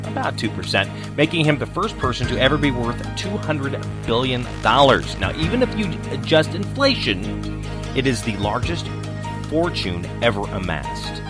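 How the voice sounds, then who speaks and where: A man hosting a daily entertainment news roundup, reading the items in a lively, lightly conversational way. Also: medium pitch, moderate pace, over music.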